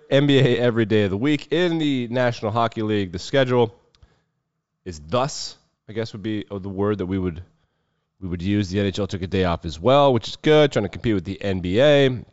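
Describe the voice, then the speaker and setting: A man's voice: sits low, lively intonation, a little fast, darkish tone, no room sound, muffled recording. A man hosting a sports show, riffing off the cuff on games and clips with a wry, sardonic edge. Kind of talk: casual sports commentary.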